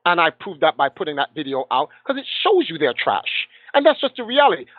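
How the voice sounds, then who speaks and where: Speaking brisk and sing-song from the higher end of his range, this male guest gamer raises his voice somewhat as he passionately recounts a heated story. He slips into the voices of whoever he's quoting. The thin, tinny phone line carries no room sound at all.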